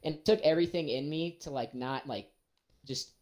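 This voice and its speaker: A young man, casually telling a story and acting out every quote with big jumps in his voice. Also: normal speed. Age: young adult. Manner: animated, acts out quotes with big pitch jumps.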